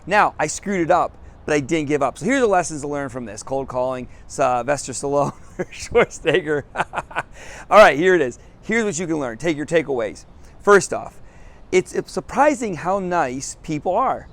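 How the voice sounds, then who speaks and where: A man's voice: a little high, lively intonation, moderate pace. Upbeat middle-aged man outdoors. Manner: upbeat, laughs often, self-deprecating. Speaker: business coach. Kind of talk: casual storytelling to camera. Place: outdoors on a city sidewalk.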